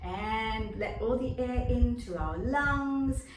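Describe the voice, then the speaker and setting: A woman teaching a drama lesson to young children online, speaking in a slow, clear and encouraging way. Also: fairly high pitch. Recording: echoey room, mic at a distance, noisy.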